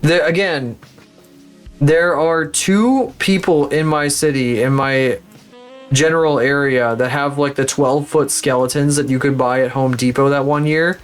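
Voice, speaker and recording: A man's voice: a little high, fairly even intonation, a little slow, smooth, faint music behind. A man chatting casually on a livestream, rambling, swearing freely and laughing at his own stories.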